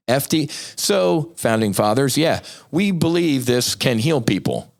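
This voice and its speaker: A man's voice: mid-range voice, lively intonation, normal speed, hardly any pauses. Fired-up, foul-mouthed man ranting. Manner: profane, fired-up, rambling, with sarcastic asides. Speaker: nonprofit founder, podcast guest. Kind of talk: impassioned podcast rant.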